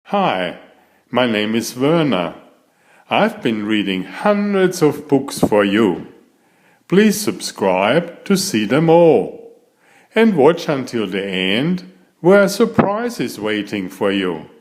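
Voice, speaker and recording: A man reading a children's picture book aloud, slow and expressive. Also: mid-range voice. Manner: slow, sing-song, expressive. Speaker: storybook reader. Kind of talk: children's story read-aloud. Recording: echoey room.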